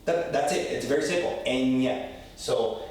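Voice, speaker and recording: A man's voice: medium pitch, normal speed. A man teaching a casual language lesson, blunt and profane, checking in with "okay?" again and again. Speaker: Spanish teacher. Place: room in Lima, Peru. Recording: very echoey room, voice from a distance.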